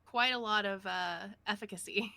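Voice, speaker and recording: Woman game master narrating a tabletop scene, bright, lively. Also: mid-range voice, moderate pace, creaky, clean tone, dry recording. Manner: lively, descriptive.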